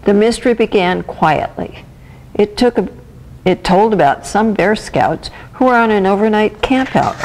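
A woman volunteer reading a children's picture book aloud with gentle, expressive storytelling. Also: medium pitch, moderate pace, noisy background. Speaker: volunteer reader.

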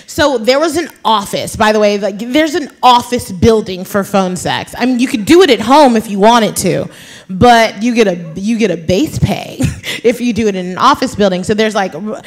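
A woman in her thirties tells a story at a live author event, chatty and quick to laugh. She is from New York and speaks casually, dropping lots of fillers as she goes. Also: fairly high pitch. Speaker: author guest. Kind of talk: storytelling conversation on stage.

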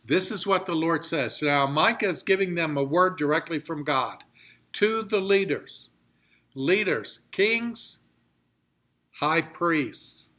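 A pastor teaching a Bible study, reading scripture slowly and explaining it with emphatic repetition. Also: male voice, a little high, animated, bright, forceful tone.

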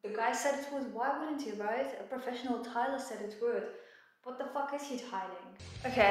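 A woman with a slightly high voice and fairly even intonation talks at a moderate pace to the camera, vlogging her house renovation. She sounds anxious and vents her frustration, swearing often. She is indoors in the house being renovated, recorded from afar in a very echoey empty room with music playing.

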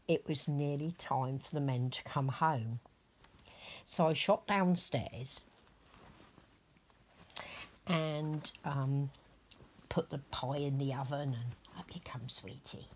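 A middle-aged woman chatting through a rambling home story, slipping into soft whispers as she dresses a doll. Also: very deep voice, husky. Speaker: vlogger dressing a reborn doll.

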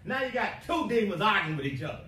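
High-voiced preacher, bright and intense. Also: male voice, very animated, fast talker. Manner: emphatic, swinging from quiet to shouting. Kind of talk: sermon. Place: church sanctuary. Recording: echoey church from a distance, faint hiss.

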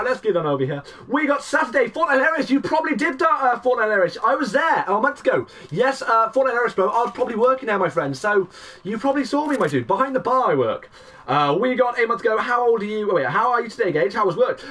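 Young gamer dude, talks fast and hyped, calling plays and saying hi to chat. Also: male voice, sits high, far from the mic. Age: 20s. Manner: excitable play-by-play, greeting chat viewers. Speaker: game streamer. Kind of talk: live gameplay commentary.

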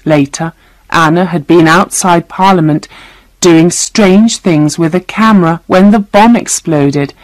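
Woman narrator, low voice, very slow, clear reading, dry close sound. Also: no echo, low-quality recording. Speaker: storyteller. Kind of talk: scripted narration of a graded reader.

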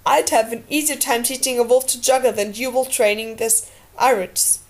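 A woman reading aloud and voicing a cruel older knight who speaks in a slow, acid sneer. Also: a little high, close to an everyday voice.

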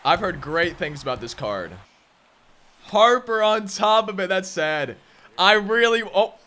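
A young man giving excited gameplay commentary as a gaming channel host, often repeating himself and breaking into loud exclamations. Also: high-pitched, measured pace. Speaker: gaming YouTuber.

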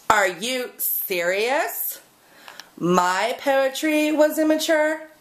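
A woman poet ranting sarcastically in a casual video blog. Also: mid-range voice. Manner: exasperated, sarcastic. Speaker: poet and performer.

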